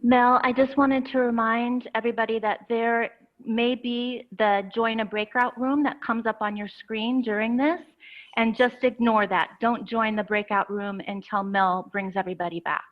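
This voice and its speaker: Woman, co-facilitator, matter-of-fact, monotone, higher pitch, muffled lo-fi video call. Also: normal speed. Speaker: workshop co-facilitator. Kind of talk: brief practical reminder. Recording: dull lo-fi video call audio.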